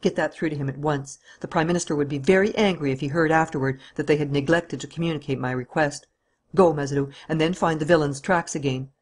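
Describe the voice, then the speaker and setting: A man voices a bold gentleman thief in a storybook reading, roaring and raging as his voice jumps up high. He is husky, fast to command, and barks short orders. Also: steady tone, natural voice. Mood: curt, commanding. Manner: shouting, furious, commanding. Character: bold gentleman thief, adult male, masterful.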